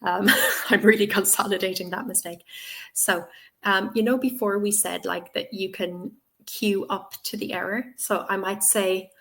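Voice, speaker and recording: A woman's voice: mid-range voice, fairly even intonation, unhurried, gravelly, fairly bright tone. A woman teacher answering questions in a live webinar, chatty and encouraging, with many ums and okays, on a webcam. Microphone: webcam on video call.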